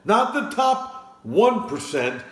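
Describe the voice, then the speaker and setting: A man putting on the voice of a flustered, indignant older man who rants and complains loudly, recorded in a home studio. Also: high-pitched, very animated, reverberant, voice pushed up, exaggerated voice. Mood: exasperated. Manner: shouty, exasperated, drawn-out complaining.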